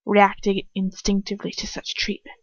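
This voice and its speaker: A woman's voice: mid-range voice, monotone, normal speed, no echo, muffled recording, close to an everyday voice. A woman reading the part of a cold, sneering older male wizard who taunts his captive. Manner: mocking, taunting.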